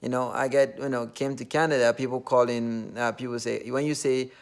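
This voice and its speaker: A man's voice: medium pitch, fairly even intonation, fairly quick, vocal fry, hardly any pauses. A man from Nigeria with a Nigerian accent, talking in a casual, earnest monologue full of fillers. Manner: earnest, loosely phrased with many fillers.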